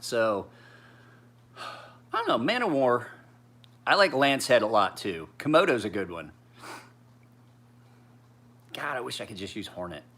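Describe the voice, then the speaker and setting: A tired man in his forties who rambles in a laid-back, profane way. His voice is bright and sharp, and he speaks as a knife sharpener chatting casually with viewers. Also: mid-range voice, sing-song, a little slow, long pauses, slightly rough. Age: 40s.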